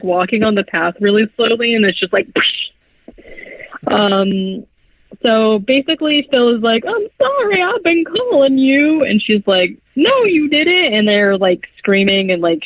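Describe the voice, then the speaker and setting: High-voiced man recapping a movie. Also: no room sound. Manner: rambling, filler-heavy, acts out film lines in quick voices. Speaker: podcast host. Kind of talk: casual movie recap chat. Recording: dull lo-fi podcast audio.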